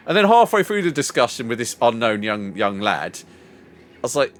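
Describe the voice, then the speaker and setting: An older man streaming a game, chatting casually and telling a long rambling story, putting on higher voices when he quotes people. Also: lively intonation, fast, fairly bright tone. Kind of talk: casual chat while gaming.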